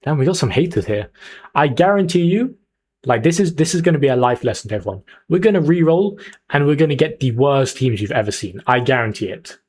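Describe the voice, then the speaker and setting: A man's voice: mid-range voice, animated, brisk, a little mellow, a little hiss or hum. A young man streaming live, chatting casually and hyping up his viewers as he picks a team. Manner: chatty, hyped, talks to chat. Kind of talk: casual livestream chat.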